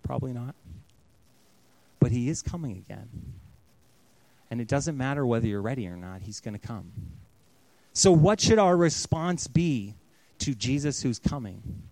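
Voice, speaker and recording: A man's voice: mid-range voice, expressive, normal speed, no echo. Earnest male pastor preaching. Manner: earnest, storytelling, often softening to a hush. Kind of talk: sermon.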